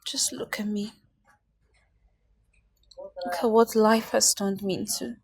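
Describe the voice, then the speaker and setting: A woman's voice: very high-pitched, expressive, unhurried, full character voice. A woman playing a grieving young woman who lost her daughter, crying and speaking in broken, whispery phrases. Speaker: actress in a film. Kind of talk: film drama acting.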